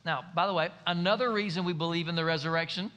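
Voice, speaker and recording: A man's voice: fairly high pitch, fairly even intonation, fast, a bit bright. A man preaching a sermon as pastor, emphatic, with his voice rising and falling for stress.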